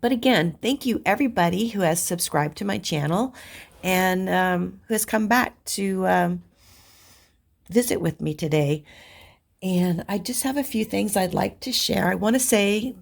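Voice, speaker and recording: A woman from Virginia hosts her crafting channel, chatting casually while she works on a canvas. Congested from a cold, she rambles in a chatty way, her mid-range voice carrying vocal fry at a measured pace.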